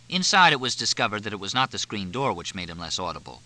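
A man narrating an audiobook in a measured, expressive way. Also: low-pitched. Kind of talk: scripted narration.

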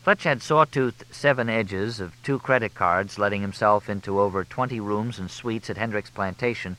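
A man reading an audiobook as narrator, in a measured, expressive way. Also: on the low side, rough recording. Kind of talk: scripted narration.

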